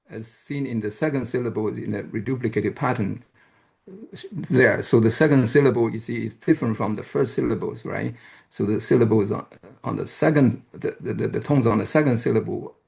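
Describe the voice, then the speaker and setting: A man's voice: mid-range voice, gravelly, darkish tone. A man giving an academic lecture, talking hesitantly with many fillers and restarts. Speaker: guest lecturer.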